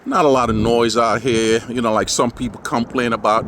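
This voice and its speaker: A man's voice: mid-range voice, steady tone, moderate pace, hardly any pauses, a bit bright. A man recording a casual, sarcastic, rambling vlog outdoors, often saying "man" and talking while driving around town. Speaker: vlogger. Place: outdoors on windy streets, partly driving. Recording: outdoor wind and traffic noise. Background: wind and passing cars.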